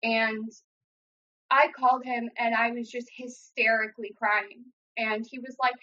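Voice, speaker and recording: A young adult woman telling a painful personal story in an earnest, halting way, acting out what others said. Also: fairly high pitch, level tone, sharp tone. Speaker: guest sharing personal story. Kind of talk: emotional personal account. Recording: dull lo-fi sound.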